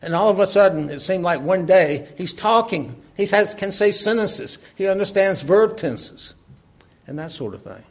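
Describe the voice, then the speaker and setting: A middle-aged man preaching in a relaxed, conversational way, laughing often and asking rhetorical questions. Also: high-pitched, moderate pace. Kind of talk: sermon.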